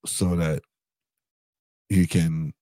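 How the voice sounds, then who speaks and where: A man with a very low voice and a sore throat chats with his wife on a podcast. He teases her and plays things up dramatically. The sound is dry and close. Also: flat delivery, drawn-out words, dark tone, dry recording. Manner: teasing, playfully dramatic. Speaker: podcast co-host. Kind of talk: casual chat with his wife.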